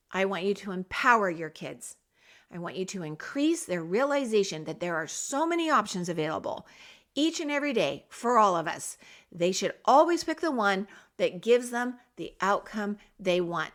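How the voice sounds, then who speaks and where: A woman's voice: mid-range voice, very animated, normal speed, a bit bright. Middle-aged woman coaching parents directly. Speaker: podcast host. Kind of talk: parenting advice podcast.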